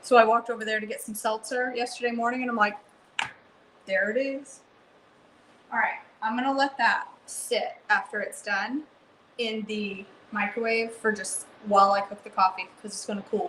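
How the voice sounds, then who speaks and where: A woman hosting a live cooking stream from her home kitchen, chatting excitedly and answering viewers by name. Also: medium pitch, fairly quick, a little hiss or hum, rough recording. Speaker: cooking livestream host. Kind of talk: casual live cooking chat, reading comments.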